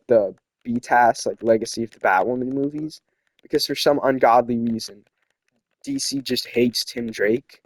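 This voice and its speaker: A man's voice: mid-range voice, darkish tone, no room sound. A young man hosting a casual opinion chat, rambling and opinionated with lots of fillers. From not from South America. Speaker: host.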